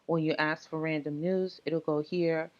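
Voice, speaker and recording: In this lo-fi, dull-sounding screen recording, a woman presenting a tech tutorial explains how to set up software. Her voice sits somewhat low, and she talks in an easygoing, halting manner with lots of filler words.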